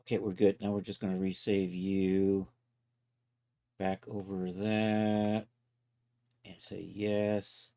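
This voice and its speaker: A man casually talking himself through each step of a software task on a live stream, loose and self-mocking. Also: deep voice, completely flat delivery, slow, pauses often. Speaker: livestreaming 3D content creator.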